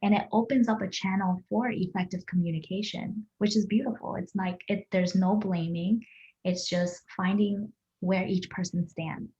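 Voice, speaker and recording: A woman's voice: mid-range voice, steady tone, moderate pace, dark tone, lo-fi sound. A woman in a podcast conversation who speaks thoughtfully and reflectively and affirms what the other speaker says.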